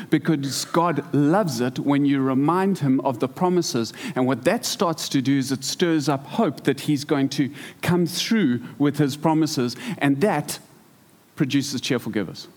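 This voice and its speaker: A man preaching to a church congregation, telling stories in a lively way that stumbles and repeats words. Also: a little high. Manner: storytelling, animated, repeats words. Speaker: pastor. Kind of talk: sermon. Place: church hall.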